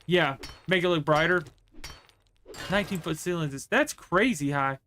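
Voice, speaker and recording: Rambling man streamer, a bit high. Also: moderate pace, bright, forceful tone, slight background noise. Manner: rambling, storytelling with many fillers. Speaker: livestreamer. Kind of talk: casual chat while gaming.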